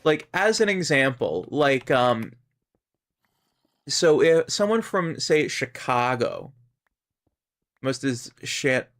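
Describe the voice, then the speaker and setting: A man's voice: medium pitch, big pitch swings, slow pace, pauses often, a bit bright. A man with a Canadian accent chatting casually while streaming a game, rambling and musing aloud. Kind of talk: casual gaming stream chat.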